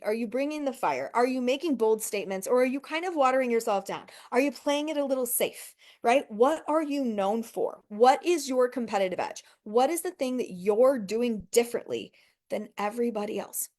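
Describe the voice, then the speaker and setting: A punchy woman business coach swears her way through a motivational talk, aimed straight at her viewers. Her voice sits a touch high, and she keeps the energy up with rhetorical questions and quick "okay"s and "right"s. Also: darkish tone. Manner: profane, emphatic, talks straight to the viewer.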